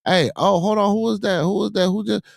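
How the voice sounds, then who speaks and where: A man hosting a livestream podcast, animatedly begging chat for super chats and shouting out supporters. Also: high-pitched, a little fast, vocal fry, no echo, studio quality. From Chicago area.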